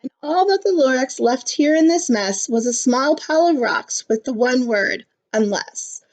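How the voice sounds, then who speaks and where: A woman reading a rhyming picture book aloud to children, pausing to explain things in simple words. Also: high voice, lively intonation. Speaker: storybook reader. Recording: slightly muffled recording.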